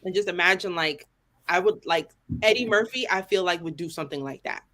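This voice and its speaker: Chatty, animated woman co-host. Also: fairly low pitch, fairly quick. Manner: animated, exclaiming, addresses listeners as y'all. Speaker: podcast co-host. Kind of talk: casual chat.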